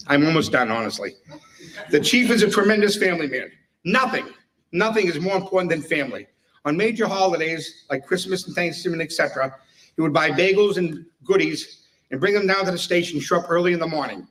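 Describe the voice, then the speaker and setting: A man gives a retirement tribute, telling funny stories and laughing at his own jokes. His voice sits a little high for a man. He is heard from some distance off the mic. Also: animated, normal speed, a bit bright. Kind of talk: humorous public speech.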